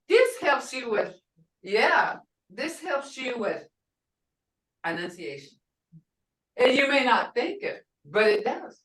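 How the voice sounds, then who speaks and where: Lady teacher drilling words with a class, slow and bouncy, echoey room, mic far away. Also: a little high, sing-song, a bit bright. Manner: drills words aloud, asks short or long. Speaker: language instructor. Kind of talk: language class instruction. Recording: roomy classroom audio from far off.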